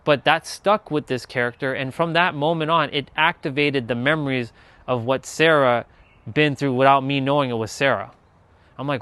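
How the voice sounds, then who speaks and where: A man's voice: medium pitch, brisk, a bit bright, smooth. A man telling a personal spiritual story, earnest and rambling, with many restarts and trailing phrases. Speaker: spiritual content creator.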